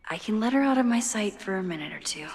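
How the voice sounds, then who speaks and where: A woman's voice: medium pitch, expressive, fast talker, darkish tone, long reverb tail, close to an everyday voice. An actress voicing a young woman photographer in a video game, speaking a dry, self-mocking inner monologue. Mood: wry.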